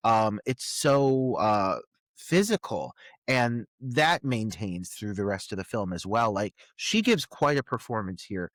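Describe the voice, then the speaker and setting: A man's voice: fairly low pitch, lively intonation, unhurried, a bit bright, no echo, clean studio sound. A man co-hosting a film podcast, giving thoughtful, analytical commentary in casual chat with frequent filler words. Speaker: podcast co-host.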